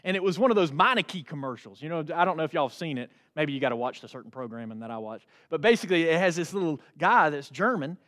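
A man preaching a sermon, folksy and animated, jumping from loud high exclamations to low quiet asides. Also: quick pace, hardly any pauses. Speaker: pastor.

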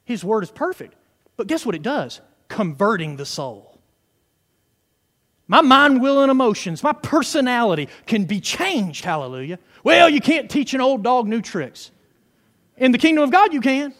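A man's voice: very high voice, big pitch swings, moderate pace, a bit bright. A man preaching a fervent sermon, peppering his words with hallelujahs and praise God. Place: church sanctuary. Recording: reverberant hall.

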